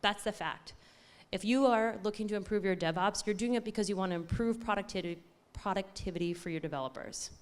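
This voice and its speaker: A woman giving an excited, chatty conference talk, often correcting herself as she goes. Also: medium pitch, fast, hardly any pauses, clear, resonant tone. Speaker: conference speaker.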